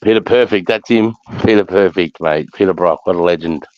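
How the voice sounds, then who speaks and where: A man's voice: sits low, a little fast, lo-fi sound. An Australian man hosting a livestream, chatting casually in a blunt, sweary, rambling way. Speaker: livestream host. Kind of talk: casual chat.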